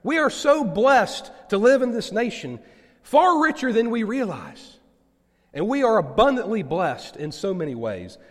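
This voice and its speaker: Male pastor, high lively voice, storytelling sermon, long church reverb. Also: a little slow. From United States. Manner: animated storytelling preacher.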